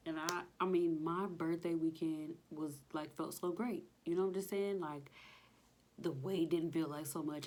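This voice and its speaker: A woman's voice: low-pitched, darkish tone. A pregnant young woman chatting casually to her viewers at home, out of breath and sighing between phrases. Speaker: vlogger. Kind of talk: casual chat. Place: home kitchen.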